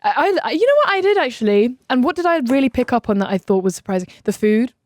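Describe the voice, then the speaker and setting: A young woman from England chats as an interview guest. She giggles often and trips over her words, then corrects herself. Her voice is mid-pitched, and the sound is dry and close. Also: sing-song, fast, no echo. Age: young adult. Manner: giggly, stumbling, self-correcting. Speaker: musician guest. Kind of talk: casual interview chat.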